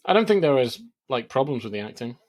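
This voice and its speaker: A man's voice: mid-range voice, sing-song, fast talker. A man co-hosting a film review podcast in casual chat, acting out reactions with sudden exclamations. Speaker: podcast co-host reviewing films.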